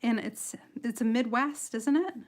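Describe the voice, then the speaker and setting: A woman's voice: a little high, unhurried. A woman from Michigan with a slight nasal Michigan accent, chatting casually and giggling as she hosts a live coloring tutorial. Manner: chatty, giggly, self-deprecating, rambling. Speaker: livestream host and coloring artist.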